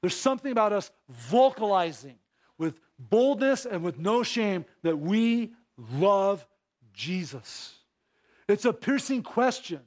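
Man, pastor, sermon, high-pitched voice, hushed asides then emphatic rises, rhetorical questions. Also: big pitch swings, slow pace. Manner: swings between hushed low asides and raised emphatic exhortation; addresses the congregation directly with rhetorical questions.

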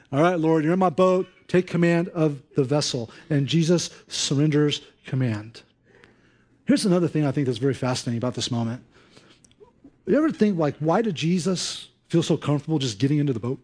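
A man preaching a sermon in an animated, conversational way, acting out voices. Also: on the high side. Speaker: pastor.

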